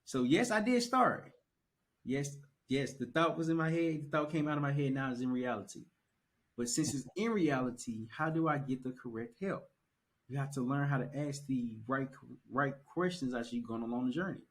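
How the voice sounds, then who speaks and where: A young man on a podcast, chatting casually and telling his story with animated emphasis and repeated phrases. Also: medium pitch, moderate pace. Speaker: podcast guest. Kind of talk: casual conversation.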